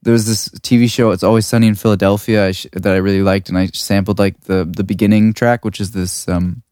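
A man's voice: fairly low pitch, fairly even intonation, fast talker, darkish tone, clean tone, no echo. A young man, a music producer, chatting casually with lots of fillers in a studio. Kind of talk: casual chat. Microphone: studio mic.

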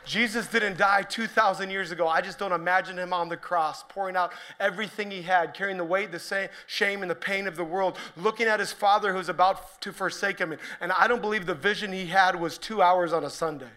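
High, bright-voiced preacher man. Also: fairly quick, hardly any pauses. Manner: energetic, joking, rising to shouted emphasis. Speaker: pastor. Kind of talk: sermon.

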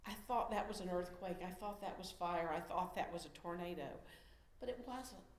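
A middle-aged woman giving a sermon in a conversational way, swinging from loud emphasis down to soft, hushed tones. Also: on the low side, normal speed, roomy sound. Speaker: lay preacher.

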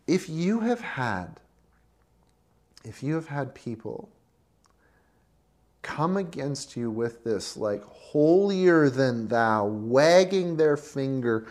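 A preacher delivering a passionate sermon, swinging from hushed, intimate lines to loud, emphatic ones, and addressing listeners as friends. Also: mid-range voice, sing-song, slow, long pauses.

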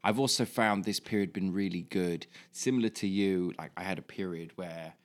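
Man, very low voice, dry wit, casual podcast co-host. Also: normal speed. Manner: dry, self-mocking humor. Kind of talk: casual chat.

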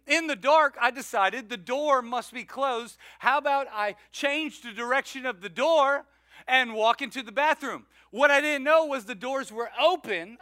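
Male pastor, high bright voice, dry close sound, animated storyteller sermon. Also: dry recording. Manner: storytelling, animated, self-mocking, with laughs. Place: church sanctuary.

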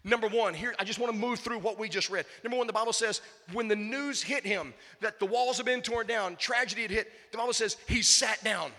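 A man preaching a sermon as pastor, emphatic, swinging from shouts to hushed intensity. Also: sits high, a little fast, hardly any pauses, long reverb tail.

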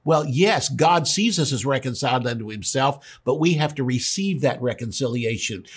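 A man's voice: medium pitch, animated, normal speed, slightly rough. A man preaching a sermon, telling a story and acting out the voices of the people in it. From Oklahoma, US. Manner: storytelling preacher, acts out dialogue. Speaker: pastor.

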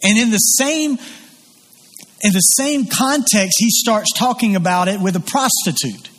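A male pastor with a high, slightly husky voice delivers an earnest, emphatic sermon, circling back over his phrases. He sounds expressive, unhurried, and a bit bright, and his words echo with the long reverb of a large church hall.

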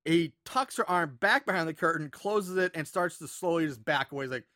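A man talks through a movie's plot in a loose, animated way, jumping into the characters' voices as he goes. His voice sits a little high, and the recording is dry and close with no room sound. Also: fairly quick, no room sound. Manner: animated retelling with acted-out quotes and laughs. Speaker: podcast co-host recapping a film. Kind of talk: casual chat.

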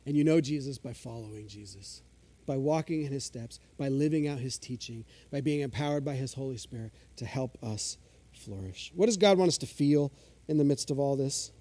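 A man's voice: medium pitch, moderate pace, dark tone. A male pastor preaching a sermon in a conversational, self-deprecating way, eagerly unpacking the original Greek words of scripture.

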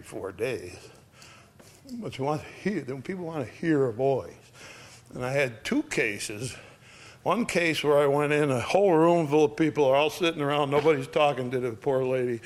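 Older man telling folksy stories. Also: mid-range voice. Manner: folksy, plain-spoken, gentle with frequent pauses. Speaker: speaker on death and dying. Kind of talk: casual storytelling talk.

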